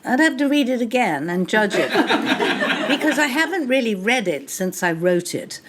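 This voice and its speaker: The recording is very noisy, capturing an older English woman with a fairly high voice, wide pitch swings and a moderate pace. She's the guest author at a live bookshop interview, telling wry anecdotes to the audience and laughing often.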